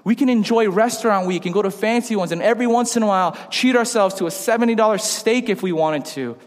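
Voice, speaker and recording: A young man, casual and joking, telling stories in an animated way. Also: high-pitched, fast talker, hardly any pauses. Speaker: pastor. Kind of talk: sermon. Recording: long hall reverb.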